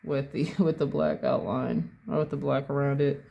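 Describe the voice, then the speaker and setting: A painting instructor at a home desk casually walks through each brushstroke, thinking aloud and correcting themself as the step-by-step demo goes on. Their mid-range voice is creaky and mellow, with fairly even intonation at normal speed, and the recording sounds muffled.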